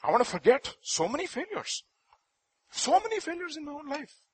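A man preaching a sermon with a husky voice, stressing key phrases and repeating them. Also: very high voice, huge pitch swings, brisk, dry recording. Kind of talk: sermon with storytelling.

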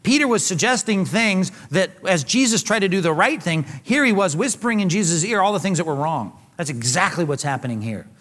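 A pastor preaching a sermon, retelling scripture conversationally with casual slang. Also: male voice, high-pitched, expressive, fairly quick, few pauses, a bit bright. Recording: long hall reverb.

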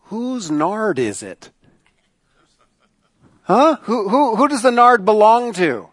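A man preaching a sermon in a conversational, questioning way, repeating his points for emphasis. His voice sits fairly high for a man. The sound is dry and close, with little room echo. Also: fairly bright tone. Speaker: pastor.

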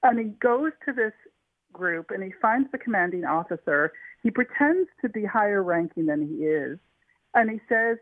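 A woman author tells a wartime story to an interviewer with eager energy, often restarting her sentences. Her voice comes down a tinny, dry phone line. Her pitch sits in the middle range. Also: animated, moderate pace, no echo. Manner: eager, with frequent restarts and fillers. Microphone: telephone.

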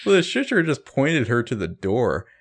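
A man's voice: medium pitch, big pitch swings, moderate pace. A man co-hosting a casual podcast, discussing a TV episode with enthusiasm and mimicking characters. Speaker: podcast co-host. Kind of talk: casual TV episode recap chat.

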